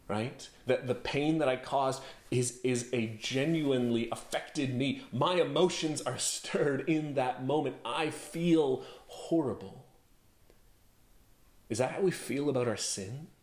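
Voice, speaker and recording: A man's voice: mid-range voice, reverberant. A man preaching a sermon as pastor, in a conversational storytelling way, with plenty of rhetorical questions. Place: home office.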